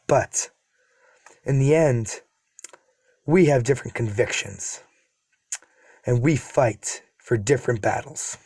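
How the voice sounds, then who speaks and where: A man's voice: mid-range voice, darkish tone, slightly rough, no room sound, studio quality, full character voice. A man voicing an earnest, protective teenage boy hero in a fan story, speaking firmly in his own plain voice. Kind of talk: casual read-aloud of fan story.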